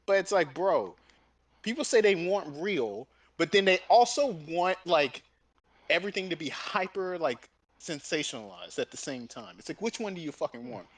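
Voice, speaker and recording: A man streaming and chatting casually, telling rambling, profane stories in an animated way. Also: fairly high pitch, normal speed. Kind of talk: casual chat while streaming.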